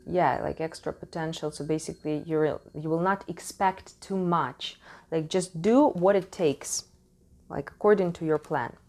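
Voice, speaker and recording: A woman with a somewhat low voice gives a casual tarot reading at home. English is not her first language, and she searches for words as she talks. She speaks frankly into a desk microphone, swears freely and laughs often. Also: measured pace, darkish tone. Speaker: tarot reader. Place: home in Switzerland.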